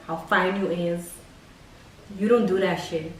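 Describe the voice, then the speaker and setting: A woman vlogger telling a casual storytime, blunt and profane, ranting with animated emphasis. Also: fairly low pitch, a little slow, slight background noise. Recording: roomy echo, distant mic, faint ambience.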